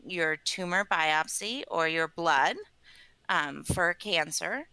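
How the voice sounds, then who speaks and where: Woman guest explaining a test, lots of ums, bright clear voice, dry sound. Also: fairly low pitch, slow pace, dry recording, low-quality recording. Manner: earnest, explains with many ums. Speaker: patient advocate and company scientist. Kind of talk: podcast interview.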